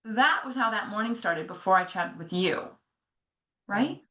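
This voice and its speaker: Animated middle-aged woman telling a story, candid, echoey room. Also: mid-range voice, unhurried. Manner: animated, jumps into quoted voices. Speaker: podcast co-host.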